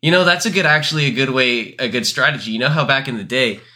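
A young man co-hosting a casual podcast, joking and laughing, then reading a scary story aloud slowly. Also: medium pitch, bright, forceful tone. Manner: joking, laughs often, slow deliberate reading. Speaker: podcast co-host.

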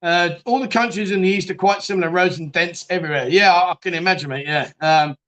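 Casual stream host, man, high and bright, rambling and laughing as he reads comments. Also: fast talker. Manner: chatty, laughs often, trails off and restarts. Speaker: live chat show host reading viewer comments. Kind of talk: casual live-stream chat.

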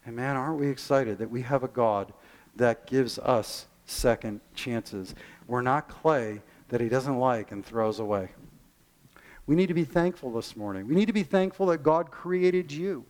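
A man preaching a sermon in a church. He is animated, acts out the voices in his stories and slows down to stress his key lines. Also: mid-range voice. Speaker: pastor.

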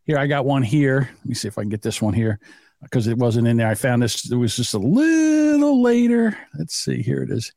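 A man's voice: mid-range voice, fairly even intonation, brisk, creaky, darkish tone, dry recording, studio quality. A man co-hosting a podcast in casual, teasing banter, rambling and laughing at his own jokes. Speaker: podcast co-host.

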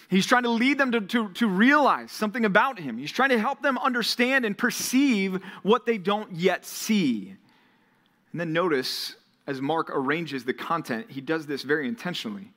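A young man preaches to a college ministry in an easy, conversational way. His voice is bright and sits a little high. He builds to animated emphasis when reading the words of Jesus. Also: normal speed. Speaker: pastor. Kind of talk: sermon. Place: church or ministry hall.

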